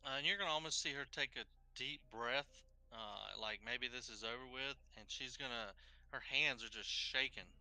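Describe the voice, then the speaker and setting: A man's voice: medium pitch, normal speed, sharp tone. A man narrating a tabletop game as game master, describing scenes casually with many fillers.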